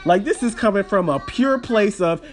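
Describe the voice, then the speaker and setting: A man's voice: sits high, expressive, normal speed, faint music behind. A man hosting a podcast, telling a story as a casual, rambling rant full of fillers and restarts. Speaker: podcast host.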